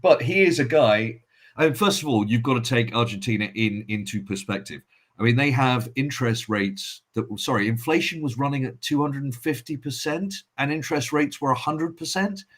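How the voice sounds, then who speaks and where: A man's voice: mid-range voice, normal speed, fairly bright tone. Blunt sardonic man guest. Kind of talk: casual chat.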